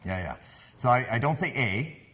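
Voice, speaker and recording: A man's voice: medium pitch, normal speed, breathy edge. Canadian man telling a story on stage. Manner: animated, engages the audience with questions. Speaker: sales speaker. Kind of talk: storytelling talk to a live audience.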